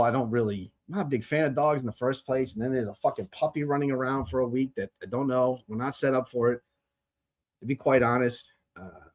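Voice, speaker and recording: A man hosting his own podcast in a loose, rambling rant. He talks bluntly and swears often. He trips over restarts as he circles his complaints, at an everyday middle pitch. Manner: blunt, profane and rambling, with many fillers and restarts. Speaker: podcast host. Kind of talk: casual ranting monologue.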